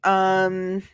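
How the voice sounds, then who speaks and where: A woman with a somewhat low voice talks casually, reading legal documents aloud and breaking off into animated, sassy asides. She often restarts her sentences. The recording is dry and close, with no room sound. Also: dry recording, muffled recording. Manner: reads documents aloud, then reacts with sass. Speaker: commentator reading court filings. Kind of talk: casual commentary vlog.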